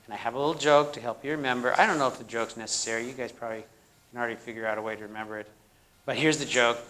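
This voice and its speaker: Bright-voiced man lecturing a class. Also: mid-range voice, steady tone, racing. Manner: questions the class and echoes their answers; jokey, plays up corny jokes. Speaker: university biochemistry lecturer. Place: lecture hall.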